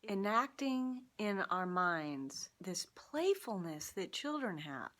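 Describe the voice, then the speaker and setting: Bright-voiced woman telling a story. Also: mid-range voice, slow pace. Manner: animated storyteller who laughs often. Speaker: vlogger sharing personal insights. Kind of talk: casual storytelling to camera. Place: Seattle.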